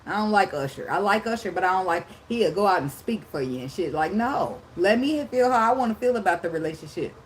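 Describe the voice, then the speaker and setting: A woman in her thirties giving a casual tarot reading, talking loudly and profanely with lots of laughter. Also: medium pitch, animated, a little fast, hardly any pauses, slight background noise, poor audio. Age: 30s. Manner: loud, profane, laughing storyteller. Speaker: tarot reader.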